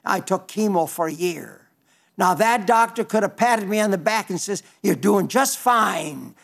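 A man with an Oklahoma accent and a notably high voice delivers a broadcast sermon. He speaks earnestly and with emphasis, often saying a point twice. He also reads listener letters aloud between his preaching. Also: moderate pace. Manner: earnest, emphatic, repeats phrases.

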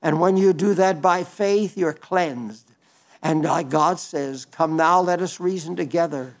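A man's voice: a little high, unhurried. An older man preaching an earnest, folksy sermon, pleading with his listeners, often restarting his words.

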